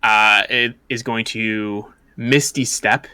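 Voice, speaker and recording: A man's voice: fairly low pitch, steady tone, slow pace, sharp tone, clean tone, dry recording. A man acting as game master who narrates a tabletop game in a loose way, full of fillers. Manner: descriptive, filler-heavy narration with many "like"s.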